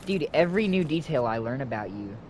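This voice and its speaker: A young man giving casual gameplay commentary, excitable and swearing freely as he thinks out loud. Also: mid-range voice, brisk, slight background noise. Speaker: game streamer. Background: game music.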